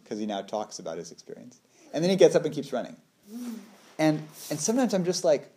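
A man's voice: medium pitch, expressive, brisk, long pauses, mellow. A man in his thirties giving a casual talk on meditation, laughing often and acting out little quoted voices. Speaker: meditation teacher.

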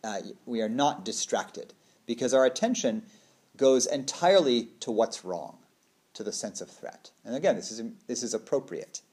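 A man explaining things as a trauma therapist, casual and conversational, with a middling pitch. He keeps checking in with the listener and slips into playful acted-out voices. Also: normal speed. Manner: relaxed, conversational, checks in with "right?"; acts out quoted voices playfully.

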